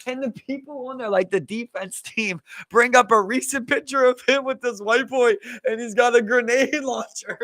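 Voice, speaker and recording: A man's voice: very high-pitched, normal speed, few pauses, dry recording. A young man with a Baltimore accent co-hosting a podcast, telling stories in slangy casual chat and acting out the people he quotes. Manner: animated storyteller, acts out quotes, slangy, swears. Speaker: podcast co-host.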